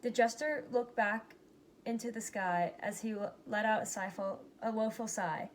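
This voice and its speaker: A woman reading a rhyming picture book aloud, giving its characters lively but plain voices. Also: a little high, normal speed, a little hiss or hum. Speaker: reader.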